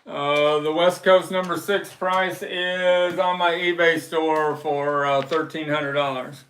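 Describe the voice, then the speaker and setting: A man chats on a livestream and reads viewer notes aloud with slow, deliberate emphasis. His voice sits a little high. The room around him rings with echo. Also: steady tone, a bit bright. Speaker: livestream host. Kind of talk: casual livestream chat. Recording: echoey room.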